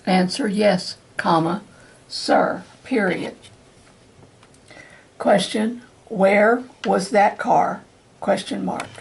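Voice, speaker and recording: A woman reading a question-and-answer transcript aloud as dictation practice, speaking every punctuation mark in a slow, deliberate, even way. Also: mid-range voice, vocal fry, husky. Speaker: dictation reader for court reporting practice.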